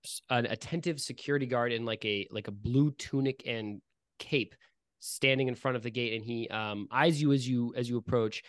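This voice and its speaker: A man's voice: mid-range voice, moderate pace, no echo, studio quality. A man running a tabletop game as game master, setting scenes vividly and playfully, with frequent fillers.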